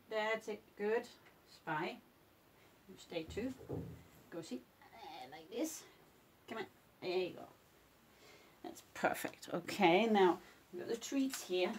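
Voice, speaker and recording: A woman's voice: mid-range voice, slight background noise. A woman coaxing her cats to pose for a photo shoot at home, repeating names and commands. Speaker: pet photographer. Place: indoor home photo session.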